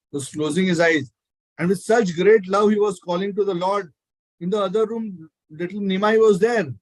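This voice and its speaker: A man telling a devotional story in a talk, animated and acting out the characters. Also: sits high, normal speed, no room sound, rough recording. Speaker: spiritual speaker.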